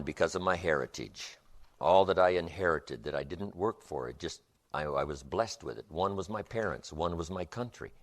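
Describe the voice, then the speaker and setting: A man giving a motivational seminar lecture with an emphatic, repetitive rhythm. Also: low-pitched. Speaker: motivational speaker.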